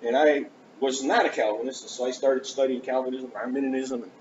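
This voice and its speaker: A preacher gives his testimony as a storytelling sermon, his mid-range male voice moving a little fast. He tells his own story earnestly and with animation, acting out conversations as he goes. The church recording is dull and lo-fi, with a faint hiss.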